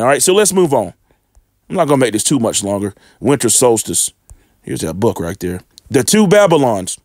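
A man's voice: fairly high pitch, no room sound, clean studio sound. A man reading scripture aloud and preaching informally. He talks fervently and often stumbles over his words.

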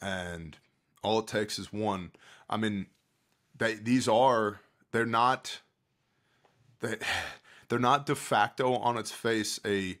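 A man's voice: fairly low pitch, slow pace, pauses often. An American man, a podcast guest who leads disaster relief work, telling stories in a casual chat and acting out what people said. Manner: animated storyteller, acts out quotes, swings from loud to hushed.

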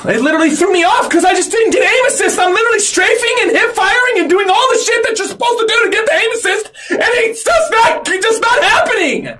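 A man's voice: very high-pitched, fast talker, few pauses. A male streamer ranting at his chat during a game, screaming and swearing nonstop. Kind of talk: ranting live gameplay commentary. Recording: roomy, distant mic, loud game noise.

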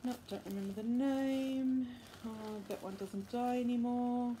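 Chatting from her bedroom, a crochet and knitting podcast host gives an enthusiastic, upbeat show-and-tell, meandering with fillers and self-corrections. Her warm voice is fairly high with fairly even intonation and a slightly slow pace. There's a little hiss or hum.

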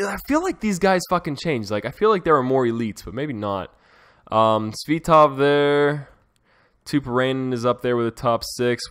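A young man giving casual commentary over a hockey management game, talking to his viewers and swearing freely when excited. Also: mid-range voice, smooth. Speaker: gaming YouTuber. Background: dog heard in cage.

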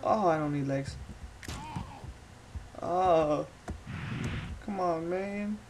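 A woman commenting on her gameplay in a joking manner, with loud exclamations. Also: on the low side, very slow, background noise. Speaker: let's play commentator.

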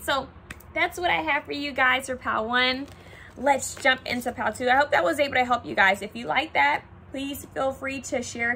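Bright-voiced woman reading tarot cards. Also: a little high, slight background noise. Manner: chatty, thinks aloud while pulling cards. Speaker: tarot card reader. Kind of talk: casual pick-a-card tarot reading.

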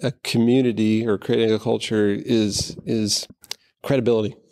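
A man's voice: fairly low pitch, normal speed. A man telling stories in a casual interview, acting out the people he quotes. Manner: animated storyteller acting out quotes. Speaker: guest, golf fitness founder.

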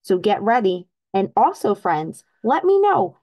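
A woman reading a picture book aloud to young children, teacherly and engaging. She pauses often to ask the kids questions about the story. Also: medium pitch, sing-song, highs cut off. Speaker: children's story reader, channel host.

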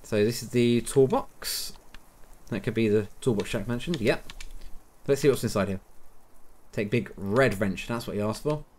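A man's voice: medium pitch, moderate pace, long pauses, darkish tone, a little hiss or hum. A man giving chatty, self-deprecating let's-play commentary, thinking aloud as he plays. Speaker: gaming YouTuber.

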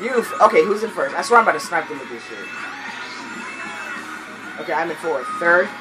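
A man hosting a casual co-op gameplay commentary, excitable and swearing a lot, yelping and laughing at mishaps. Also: a little high, a little fast, rough recording. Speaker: gaming channel host. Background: loud game music.

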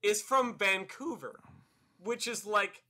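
A man's voice: high-pitched, slow pace, pushed and bright. A man from Canada, a war veteran guest, talking bluntly and with a lot of swearing in a casual podcast chat. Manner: blunt, profane and sardonic.

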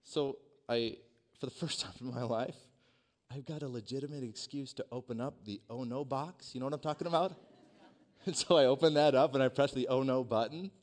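A man preaching a sermon, telling a personal story in a dynamic way that swings from hushed to loud. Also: medium pitch, steady tone, a little fast. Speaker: pastor. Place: church sanctuary.

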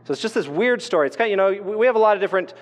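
In a church sanctuary, a northern Colorado pastor gives a relaxed, conversational sermon full of asides and restarts. His high, expressive voice comes out rapid-fire, trailed by long reverb.

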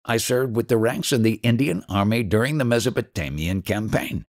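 A man's voice: fairly low pitch, normal speed, no room sound, clean studio sound, lightly acted. A man voicing a proud, emotional former soldier turned yogi who speaks eagerly and boastfully. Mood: earnest.

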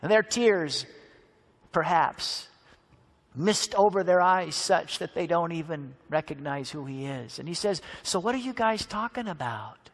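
A man's voice: fairly high pitch, expressive, measured pace. A man preaching a storytelling sermon, dramatic and acting out the characters' voices.

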